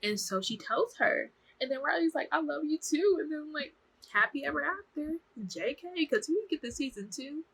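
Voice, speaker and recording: A woman's voice: high voice, normal speed, creaky, poor audio. A young woman casually recapping a TV show to camera, chatty and slangy, acting out the characters' lines. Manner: chatty, slangy, animated, acts out quotes. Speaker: vlogger reviewing a TV show.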